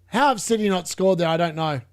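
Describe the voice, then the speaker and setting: A young man commentating live on football matches for a fantasy football stream, chatting along and bursting into shouts at near misses. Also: high voice, a little fast. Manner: chatty, muttering asides between reactions.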